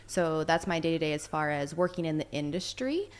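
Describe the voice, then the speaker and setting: A woman's voice: deep voice, expressive, brisk. A woman from Minnesota, a nutrition and strength coach, talking as a guest in an easygoing, chatty way. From Minnesota, USA. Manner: easygoing, chatty, laughs readily. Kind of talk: casual interview chat. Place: indoor room, in person.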